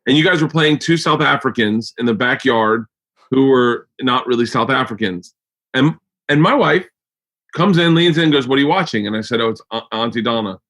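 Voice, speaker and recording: American guy, podcast host, rambling, swearing, restarting sentences, mid pitch. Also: normal speed, a bit bright. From United States. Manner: rambling, profane, stammers and restarts. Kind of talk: casual chat.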